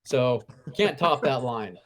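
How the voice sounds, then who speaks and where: A man's voice: medium pitch, expressive, unhurried, a bit bright. A man co-hosting a casual podcast chat from home, gushing enthusiastically like a devoted fan. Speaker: co-host. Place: home, remote live show during lockdown.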